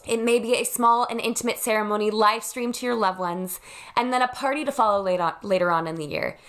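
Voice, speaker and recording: A woman's voice: medium pitch, fast talker, fairly bright tone. A woman in her thirties, a wedding planner, talking earnestly and reassuringly to camera from her home. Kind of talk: direct-to-camera vlog.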